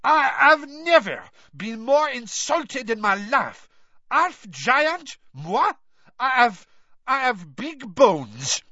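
A frosty, imperious giantess of a headmistress, as a male narrator puts her on, haughty and quick to take offence. She is pitched far above the reader's own voice and spoken coldly. Dull, lo-fi dry audiobook sound. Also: very animated, pushed and bright, no room sound, full character voice. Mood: outraged. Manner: icy, cold, imperious.

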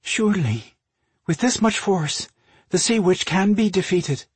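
A man reading aloud, voicing a soft, tender young enchantress in a raised, gentle pitch. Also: expressive, slow, slightly rough, no echo, heavily acted. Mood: hopeful.

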